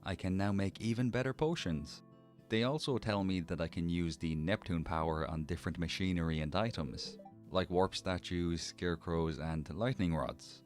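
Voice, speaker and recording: A low-voiced man with a slight lisp reads a scripted narration over his game footage. His delivery is dry and mock-dramatic, and soft music plays faintly behind him. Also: normal speed. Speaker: gameplay narrator.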